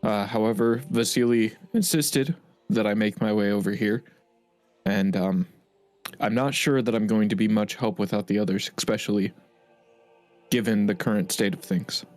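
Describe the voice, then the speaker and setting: Brief: male player, lowish voice, hesitant and thoughtful, dry close sound. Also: normal speed, a little mellow, dry recording, faint music behind. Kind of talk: playing a tabletop game.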